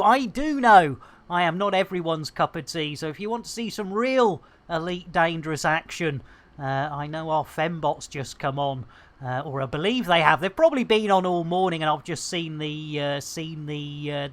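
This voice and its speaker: A woman streaming a game, chatting casually with playful slang and silly asides. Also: medium pitch. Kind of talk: casual live-stream chat.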